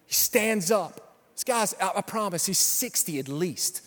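A male pastor telling a story in a sermon, then rising into loud, shouted preaching in a large church. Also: high voice, animated, a little slow. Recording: long hall reverb.

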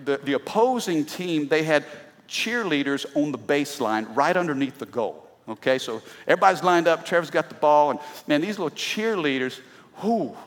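A middle-aged pastor preaching an animated sermon, breaking into shouts and laughs. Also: male voice, a little high, moderate pace. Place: church sanctuary. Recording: long reverb of a large hall.

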